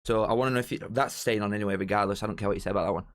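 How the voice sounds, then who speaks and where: A young man chatting casually on a live stream as host, excitable and bantering straight to his viewers. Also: fairly low pitch, rapid-fire. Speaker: streamer hosting a live watch-along.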